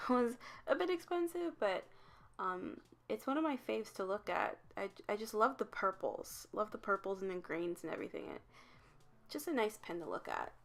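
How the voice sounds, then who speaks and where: A young adult woman vlogging in a casual, chatty way, laughing often and growing animated in stories. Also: mid-range voice. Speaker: travel vlogger. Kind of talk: casual chat.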